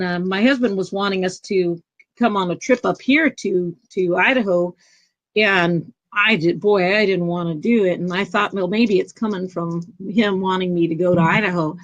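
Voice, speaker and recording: A middle-aged woman guest speaking earnestly about prayer and intention, telling personal stories in a lively way over a video call. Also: medium pitch, normal speed. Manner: earnest, animated storytelling with lively quoted voices. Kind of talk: casual storytelling interview. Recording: dull lo-fi call audio.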